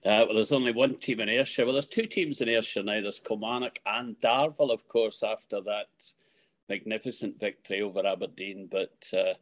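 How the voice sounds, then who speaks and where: A Scottish man in his sixties with a fairly low voice tells a long story as a podcast guest. He rambles, doubles back and restarts his sentences, and keeps adding asides as he goes. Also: moderate pace, fairly bright tone. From Scotland. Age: 60s. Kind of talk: anecdotal storytelling.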